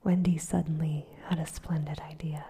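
Soft whispering woman reading a storybook. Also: deep voice, flat delivery. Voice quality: breathy whisper. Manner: soft, unhurried reading that voices the characters' lines.

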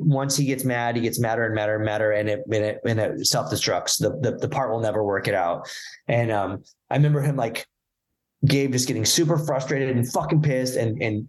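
Male podcast guest, loose rambling storyteller, swears freely, mid-pitched voice. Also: a little mellow. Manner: rambling, profane, many filler words and restarts. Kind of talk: casual storytelling chat.

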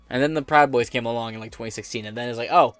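A man's voice: mid-range voice, vocal fry, no room sound. A man hosting a podcast, giving a profane, sarcastic, rambling rant of political commentary. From United States. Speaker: podcast host.

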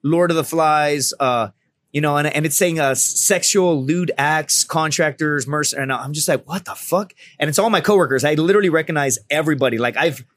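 Male guest, 30s, animated, profane storyteller, fairly high voice, dry close sound. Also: a little fast, no room sound. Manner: animated, profane, acts out quotes loudly. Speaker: podcast guest. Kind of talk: casual storytelling.

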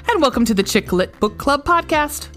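A woman co-hosting a book club podcast in casual chat, bubbly and quick to laugh. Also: sits high, soft background music. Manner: bubbly, laughs often, animated. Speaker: podcast co-host.

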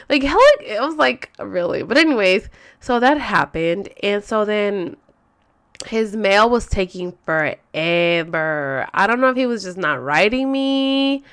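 Smooth-voiced woman rambling. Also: medium pitch, a bit bright. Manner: rambling, profane, frequent "like" fillers. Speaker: vlogger. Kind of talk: storytime vlog.

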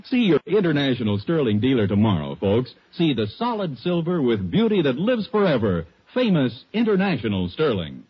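A man's voice: medium pitch, big pitch swings, normal speed, few pauses. A man announcing a scripted radio ad in a hearty, persuasive way, on a dull old radio recording.

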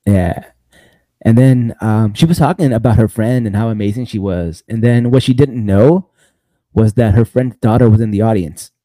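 A podcast host with a warm, fairly low voice speaks at a moderate pace over a dry recording. His casual recap wanders loosely, broken up by frequent laughs and lots of "bro."

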